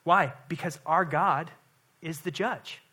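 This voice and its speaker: A man's voice: fairly high pitch, slow pace, pushed and bright, husky. A middle-aged man, a pastor, giving an earnest, conversational sermon with frequent restarts.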